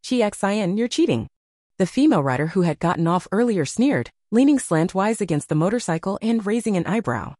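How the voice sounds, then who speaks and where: A woman reading a novel aloud as audiobook narration, with expressive storytelling. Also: mid-range voice, brisk, few pauses, no echo, clean studio sound.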